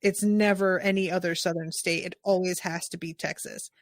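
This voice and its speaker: A woman from the United States hosting a casual podcast chat, talking in an animated, expressive way with quick asides. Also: lowish voice. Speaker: podcast host.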